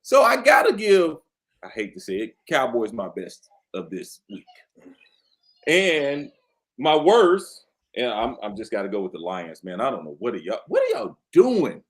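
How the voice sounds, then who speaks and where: A man on a casual sports talk panel who talks football in an animated, teasing way and laughs often. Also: medium pitch, a little slow.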